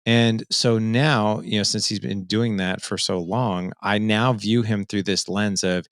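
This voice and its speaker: A man in his forties, a fatherhood coach and podcast host appearing as a guest, tells a personal story earnestly and emphatically, often checking in with "right?". His lowish voice is steady and unhurried, recorded with studio quality and no room sound.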